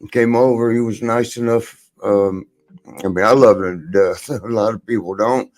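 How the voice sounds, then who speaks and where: A man's voice: lowish voice, moderate pace, a little mellow. A man in his sixties hosting a podcast, telling rambling anecdotes in casual chat, laughing often and slipping into quoted voices. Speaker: podcast host.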